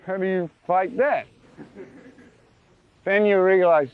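A man preaching a sermon in an animated, playful way, with sound effects, in a lo-fi recording. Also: high voice, takes it slowly, long pauses, clean tone.

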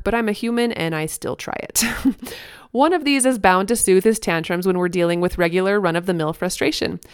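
A woman in her thirties hosting a parenting podcast, speaking earnestly, laughing softly now and then as she reads her own blog post. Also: medium pitch, smooth, no echo, clean studio sound. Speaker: podcast host.

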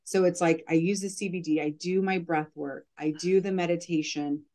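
A woman's voice: fairly low pitch, fairly even intonation, moderate pace, darkish tone. A woman who coaches mothers, talking earnestly in a casual podcast interview and using "like" often.

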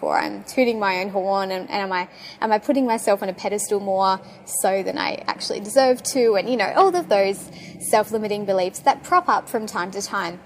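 A young woman with an Australian accent, talking casually and excitably as a podcast host, with lots of fillers. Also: mid-range voice, normal speed, a little hiss or hum. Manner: chatty and excitable, full of fillers. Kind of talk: casual monologue.

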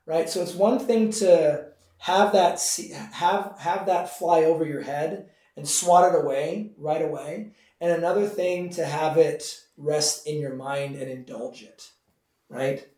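A male pastor leads a Bible class in a chatty, informal way, with his mellow, somewhat high voice picked up from across an echoey church classroom. He keeps checking in with his listeners and fills his pauses with "um" as he goes. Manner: conversational, with many fillers and asides to the class. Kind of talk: informal Bible study teaching. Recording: echoey room, mic far off.

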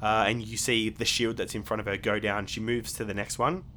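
A man's voice: fairly low pitch, little pitch movement, fairly quick, sharp tone, a little hiss or hum. A man narrating as game master of a tabletop game, rambling with many fillers and restarts.

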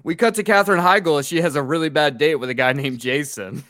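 A man's voice: on the high side, fast, no echo, clean studio sound. A man hosting a podcast, recapping a horror film with sarcastic, profane asides. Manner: sarcastic, profane, animated quoting. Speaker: podcast host.

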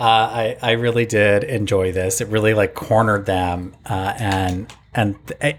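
A man with a low, somewhat husky voice talks through a reality show episode in easygoing chat. He tells it like a story and slips into quick impressions of the players. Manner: lively storytelling, mimics the players. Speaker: podcast co-host recapping a reality show. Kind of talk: casual chat.

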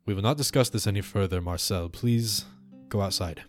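A man's voice: deep voice, normal speed, faint music behind, natural voice. A man voicing a stern old male chief of earth creatures who speaks in a formal, commanding way.

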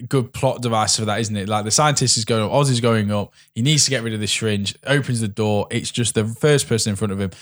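A man's voice: fairly low pitch, fast, few pauses. A man talking casually and enthusiastically about a film, rambling and laughing often.

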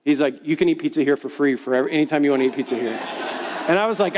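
A man with a high voice preaches in a loose, chatty, self-mocking way, telling anecdotes to his congregation. His words ring out with a long reverb, as in a large church hall. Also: rapid-fire, a little mellow. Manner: casual, conversational, playful and self-deprecating. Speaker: pastor. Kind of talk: sermon with storytelling.

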